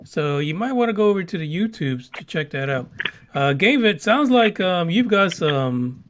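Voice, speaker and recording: A man's voice: sits high, big pitch swings, normal speed, fairly bright tone. A male host running a live psychic stream over a video call in an easygoing way. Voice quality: laughing, easygoing. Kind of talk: casual live-stream hosting.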